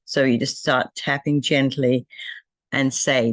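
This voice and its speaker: An older woman, an energy healer, gently talking through a self-healing demonstration and softly repeating affirmations and thank-yous. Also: extremely low pitch, level tone, measured pace, dry recording.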